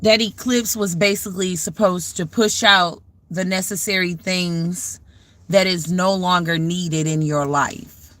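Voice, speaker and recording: Bright-voiced woman chatting on a livestream. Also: lowish voice, fairly even intonation, unhurried, no echo. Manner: conversational, reflective, talks back to viewer comments. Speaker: livestream host. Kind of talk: casual livestream chat with viewers.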